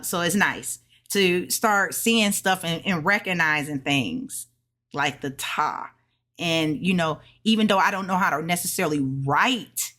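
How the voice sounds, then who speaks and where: Woman walking thru beginner chinese, slow and patient, kinda low voice, repeats stuff a lot. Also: a bit bright. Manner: slow, patient, repeats words many times, small laughs. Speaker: language learner teaching beginners. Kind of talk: casual lesson explaining Chinese sentences.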